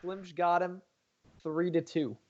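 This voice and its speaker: A man appearing as a guest on a casual league show, teasing the hosts with short, quick replies. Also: high voice, steady tone, dull audio, heavy background noise. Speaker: guest player. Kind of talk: casual chat.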